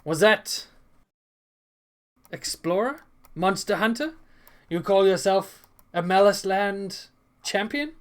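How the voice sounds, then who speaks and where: A woman's voice: medium pitch, slow pace, pauses often, pitched above the performer's own voice, close to an everyday voice. A woman voicing a male army general who mockingly questions a newcomer's claims. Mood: scoffing.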